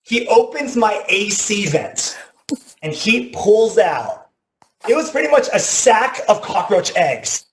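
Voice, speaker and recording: A man in his thirties telling a personal story as a motivational talk, animated, often saying "like", with loud bursts at dramatic moments. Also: high-pitched, slow pace, a little hiss or hum. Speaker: teacher giving a motivational talk. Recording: echoey room.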